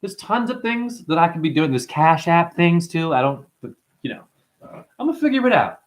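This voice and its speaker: A man ranting to his chat on a livestream, swearing a lot and rambling, swinging from loud outbursts to low muttering. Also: moderate pace. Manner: profane, rambling, excitable, swings between shouting and muttering. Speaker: live streamer. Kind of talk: unscripted livestream rant to chat.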